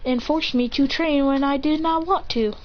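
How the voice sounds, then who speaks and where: A woman's voice: sits high, moderate pace, pitched above the performer's own voice, lightly acted. A woman voicing an eager, stubborn five-year-old boy in a fan story. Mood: earnest. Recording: dull home recording with faint ambient noise.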